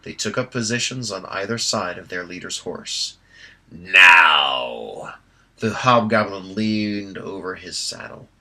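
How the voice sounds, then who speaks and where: Brief: male audiobook narrator, bright and a touch husky, steady storyteller. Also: on the low side, low-quality recording. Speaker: audiobook reader.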